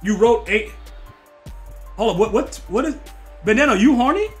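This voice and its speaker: A man streaming a game live, bantering and teasing his chat, swearing and shouting at plays. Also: extremely high pitch, normal speed, faint music behind. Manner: excitable, swears, loud outbursts at the game. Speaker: gaming streamer.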